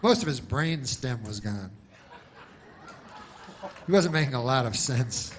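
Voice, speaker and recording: Rambling deadpan male comedian. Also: medium pitch, slight background noise. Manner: rambling, deadpan, halting with many restarts. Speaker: stand-up comedian. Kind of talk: stand-up comedy set.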